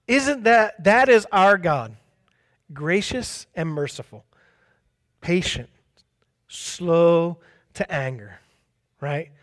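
A man preaching a sermon in a conversational way, often tagging his points with a quick question and acting out quoted speech. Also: sits high, a bit bright. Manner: conversational, tags lines with "right?".

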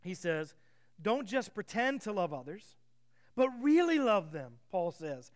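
A man with a high voice preaches a sermon to his congregation. He reads scripture aloud with emphasis and keeps asking his listeners questions as he talks. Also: sing-song, unhurried. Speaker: pastor.

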